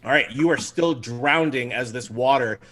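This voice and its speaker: A man's voice: mid-range voice, normal speed, a bit bright, a little hiss or hum. A man acting as game master, narrating a tabletop game on a livestream in an easygoing, chatty way with frequent ums.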